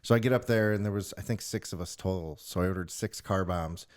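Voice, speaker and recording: A man's voice: sits low, fast. A man co-hosting a casual podcast, telling a long rambling story with plenty of filler words. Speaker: podcast co-host. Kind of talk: casual chat over drinks.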